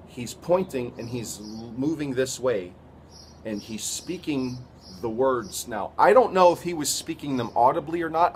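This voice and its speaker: A man giving an earnest, halting personal testimony, retelling events with quoted dialogue. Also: mid-range voice, a little hiss or hum.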